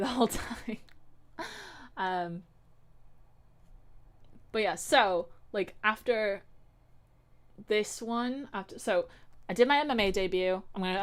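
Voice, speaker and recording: A woman vlogger chatting casually, her sentences winding with fillers and quick restarts. Her voice sits in an ordinary middle pitch, easygoing and conversational. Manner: rambling, many fillers and restarts. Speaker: vlogger and amateur fighter. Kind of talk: casual chat.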